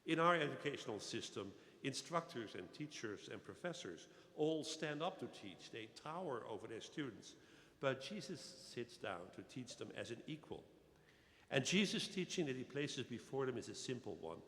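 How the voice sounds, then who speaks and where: Guy preaching a sermon, mid pitch, long echo off the cathedral walls. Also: lively intonation. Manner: measured, pausing with fillers, rising emphasis on key phrases. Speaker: deacon and archdeacon preaching.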